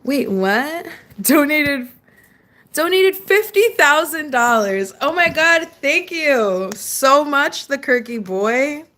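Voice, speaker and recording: A livestreamer with a high, bright, forceful voice and lively intonation takes her time as she chats from home, answering viewers and pausing to tell off her dog.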